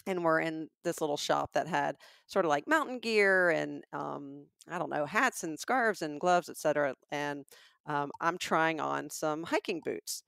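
A middle-aged woman from Alabama with a Southern accent, co-hosting a podcast and telling an animated story. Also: sits low, unhurried, gravelly, clean tone, dry recording, clean studio sound. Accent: Southern American. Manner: animated storyteller acting out quotes. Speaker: podcast co-host. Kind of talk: casual storytelling chat.

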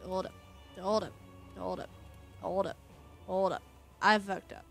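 Woman, let's-play host, slow, easygoing delivery, swears casually, faint game music behind. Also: mid-range voice, vocal fry. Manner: counting aloud, swears, bursts of excitement. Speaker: gaming channel host.

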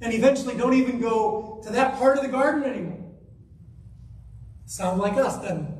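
A man's voice: extremely high pitch, moderate pace, a little mellow. A man preaching a sermon as guest minister, emphatic and full of rhetorical questions put to the congregation. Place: church sanctuary. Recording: echoey church hall from far off.

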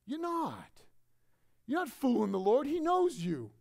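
A man preaching a sermon to his congregation in a conversational, animated way, sometimes mimicking other people. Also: extremely high pitch, a little slow, gravelly. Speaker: pastor.

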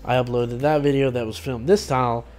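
A man's voice: medium pitch, fairly even intonation, a little fast, darkish tone, soft background music. A man streaming and making game videos, talking in a rambling, loose way with many fillers and restarts. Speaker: gaming YouTuber and streamer. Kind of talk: casual vlog talk to camera.

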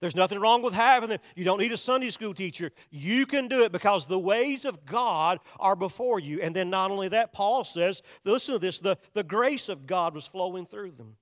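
A man preaching in a large church, his notably high voice trailing a long reverb through the sanctuary. He drives his points home with emphatic repetition and direct appeals to the congregation. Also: lively intonation, normal speed, hardly any pauses. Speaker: pastor. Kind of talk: sermon.

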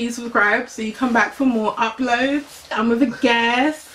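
Giggly woman vlogger, a bit high. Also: steady tone, a little slow, fairly bright tone. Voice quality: giggly, laughs often. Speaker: YouTube host. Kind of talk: casual mukbang chat. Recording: distant camera mic, faint room noise.

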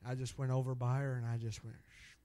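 With a fast, mid-range voice, a middle-aged man delivers sermon storytelling in an animated style. He exclaims hallelujah again and again and chuckles at his own stories.

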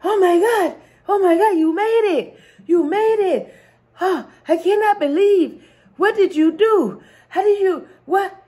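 A woman voicing an excitable old king in a spoken joke. He is amazed and pleading, and he keeps repeating himself breathlessly. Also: very high-pitched, measured pace, pitched above the performer's own voice.

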